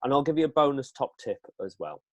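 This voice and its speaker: A man's voice: medium pitch, big pitch swings, fast. An upbeat man coaches listeners on presenting, speaking straight into his webcam. His voice sits in a middle register and sounds dry and close, with no room echo. His delivery is direct and instructive. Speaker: presenting coach giving tips. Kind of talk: instructional chat on a video call.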